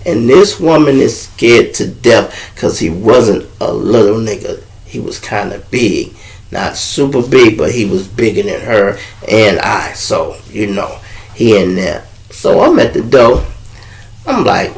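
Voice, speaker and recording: Lively, gravelly-voiced man telling a story. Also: lowish voice, takes it slowly. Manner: animated, acts out voices in dialogue, heavy profanity. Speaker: show host telling a jail story. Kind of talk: casual storytelling to viewers. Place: at home with a lamp nearby.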